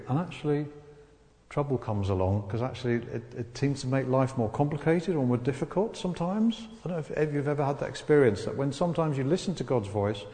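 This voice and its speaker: Preacher in a reverberant hall. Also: male voice, mid-range voice. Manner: animated storytelling, acts out voices of the people in the story. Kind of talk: sermon. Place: church hall. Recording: long reverb of a large hall.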